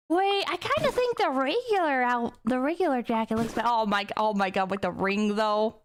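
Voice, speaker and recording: A woman streaming a game, chatting casually with her viewers and bursting into excited squeals and laughter. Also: fairly high pitch, moderate pace, hardly any pauses, a little hiss or hum. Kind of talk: casual gameplay commentary.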